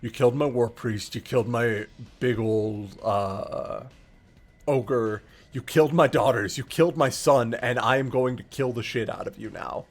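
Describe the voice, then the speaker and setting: A streamer voicing a vengeful male god-king who lists his grievances in a lowered, threatening voice. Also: unhurried. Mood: menacing.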